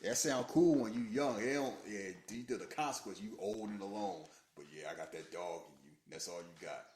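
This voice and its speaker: A man co-hosting a podcast, chatting casually about a movie and jumping into high falsetto voices for its lines. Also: fairly quick, a little mellow. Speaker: podcast co-host. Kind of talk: casual movie commentary chat.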